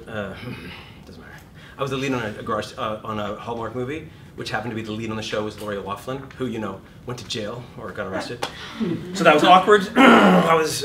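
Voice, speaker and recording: Man in his fifties teaching an acting class, animated and profane, heard from across an echoey room with rumbling noise. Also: distant mic. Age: 50s. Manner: animated, swearing, self-deprecating storyteller. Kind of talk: live seminar talk. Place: classroom seminar. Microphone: distant room mic.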